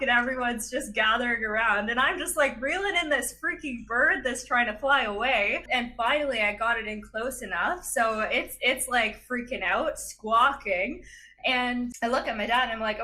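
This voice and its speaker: Young woman, podcast guest; lively casual storyteller, bright and sharp tone. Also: a little high. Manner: animated, chatty, frequent laughs and fillers.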